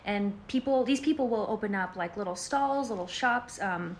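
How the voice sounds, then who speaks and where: A young woman from Colorado rambles through a casual vlog at a middling pitch, leaning on "like" as she goes. She slips into playful impressions when quoting others. Faint background hiss sits under her voice. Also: moderate pace. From Colorado, United States. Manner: chatty, heavy use of "like", acts out quoted people in higher voices. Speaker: vlogger. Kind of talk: casual talking-to-camera vlog.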